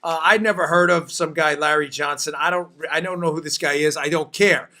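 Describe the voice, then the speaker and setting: High-voiced emphatic male talk show host. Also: fairly even intonation, sharp tone. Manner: emphatic, repeats points for stress, quick asides. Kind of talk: political commentary talk show.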